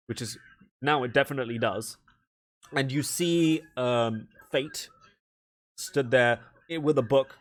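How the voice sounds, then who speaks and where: Casual rambling male game master. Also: medium pitch. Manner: rambling, casual, full of fillers. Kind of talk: narrating a tabletop game.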